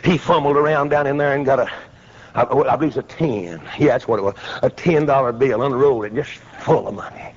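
A man, preaching a folksy storytelling sermon that breaks into shouts. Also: mid-range voice, brisk. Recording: dull lo-fi old recording.

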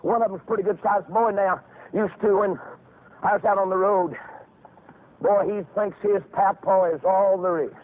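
Fervent high-voiced preacher, older man. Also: fairly even intonation. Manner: fervent, rising into shouts with drawn-out phrases. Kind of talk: revival sermon with storytelling. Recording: phone-like, narrow band.

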